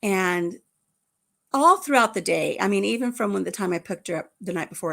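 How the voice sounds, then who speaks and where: A middle-aged woman hosting a casual chat, telling a family story in an animated way and acting out the voices. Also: mid-range voice, moderate pace, vocal fry. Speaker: host.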